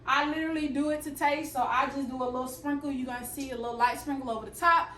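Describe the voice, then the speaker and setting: Young woman, Southern accent, high voice, playful and chatty, cooking vlog, roomy kitchen. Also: fairly even intonation, fast talker, a bit bright, distant mic, slight background noise. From Alabama. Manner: chatty, playful, talks straight to viewers. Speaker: fitness and cooking vlogger. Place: home kitchen. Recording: roomy kitchen audio, mic set back.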